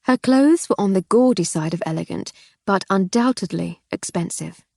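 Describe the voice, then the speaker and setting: A woman reading a first-person mystery audiobook in a wry, measured way. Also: mid-range voice, lively intonation, gravelly, a little mellow, no echo, clean studio sound. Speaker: audiobook narrator.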